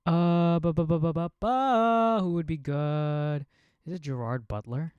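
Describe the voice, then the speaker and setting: A man's voice: a little high, measured pace, darkish tone, clear, resonant tone, dry recording, dull audio. A young man from America chatting casually and rambling through asides while reacting to a video on stream. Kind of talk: casual live reaction chat.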